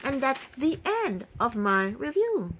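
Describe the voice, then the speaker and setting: A woman recapping a reality TV episode in casual talk, opinionated and indignant, with quick asides. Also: sits high, sing-song, fairly bright tone, slight background noise, poor audio.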